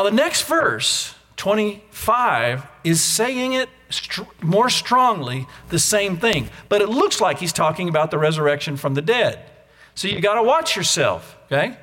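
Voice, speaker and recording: A man preaching a Sunday evening sermon, moving between loud emphatic lines and hushed, near-whispered ones. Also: on the high side, long reverb tail. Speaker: pastor. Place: church sanctuary.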